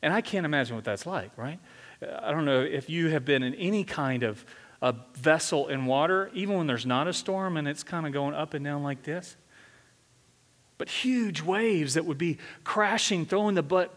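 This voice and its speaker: A male senior pastor preaching a conversational sermon, often asking the congregation questions. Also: a little high. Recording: long hall reverb from a church sanctuary.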